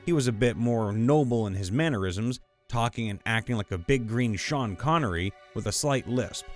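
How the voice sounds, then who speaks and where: A man reads out tabletop game anecdotes in an animated, playful storytelling voice. His pitch moves a lot, and soft music plays underneath. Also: moderate pace. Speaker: narrator reading listener stories.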